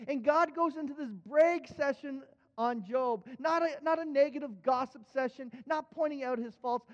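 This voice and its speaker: High-voiced preacher in an echoing hall. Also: male voice, normal speed. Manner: earnest, repeats words when starting phrases. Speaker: pastor. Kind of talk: sermon. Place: church sanctuary. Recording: dull, echoing church hall.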